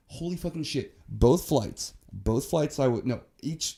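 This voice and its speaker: A young man with a mellow, dark-toned voice rants on a podcast, cursing freely as he vents. His delivery is heated and profane, with the loose rhythm of casual chat between co-hosts. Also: medium pitch, animated, a little slow, vocal fry. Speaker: podcast co-host.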